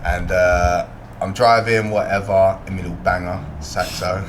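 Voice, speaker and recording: A British man, a fighter and podcast guest, tells a street story with lively energy, swearing freely and acting out what people said. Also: low-pitched, moderate pace, a little hiss or hum. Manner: swears freely, acts out quotes. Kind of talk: animated storytelling. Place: podcast studio. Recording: roomy echo.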